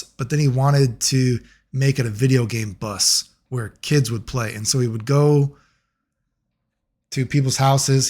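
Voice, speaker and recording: A man telling a long personal story in a casual monologue, rambling and profane, getting animated when he quotes other people. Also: mid-range voice. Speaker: video creator.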